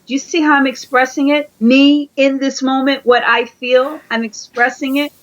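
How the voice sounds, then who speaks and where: A woman's voice: high voice, level tone, moderate pace, highs cut off. Earnest woman guest giving advice. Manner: earnest, repeats phrases, acts out quoted dialogue. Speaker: interview guest. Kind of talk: conversational coaching advice.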